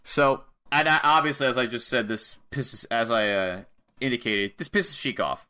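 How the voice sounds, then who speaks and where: A man's voice: medium pitch, moderate pace, sharp tone, smooth. A young man co-hosting a casual wrestling podcast, recapping a match with laughs and acted-out lines from the wrestlers. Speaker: podcast co-host.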